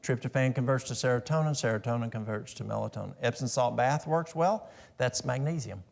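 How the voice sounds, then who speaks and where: A middle-aged man gives a practical health talk at a church, folksy in manner and full of stories. His medium-pitched voice is brisk, with vocal fry.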